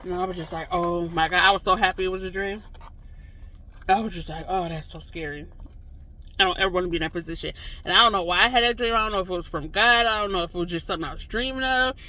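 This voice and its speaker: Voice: medium pitch, very fast. A vlogger telling a story casually to the camera, rambling with lots of "like" and "you know" and acting out reactions. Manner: animated, acts out reactions in quotes.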